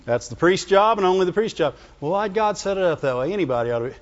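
High-voiced preacher in a reverberant church. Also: male voice, fast talker. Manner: conversational, asks the congregation questions, animated pitch jumps. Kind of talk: sermon. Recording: dull lo-fi sound, long church reverb.

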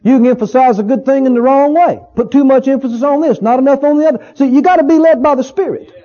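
Brief: male pastor preaching with a high, mellow voice, folksy and emphatic, on a muffled recording. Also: quick pace. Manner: folksy, emphatic, repeats phrases. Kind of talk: sermon. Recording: dull lo-fi recording.

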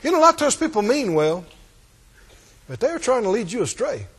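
A man preaching a sermon, laughing often and acting out the scripture scenes in lively voices. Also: extremely high pitch, brisk, husky.

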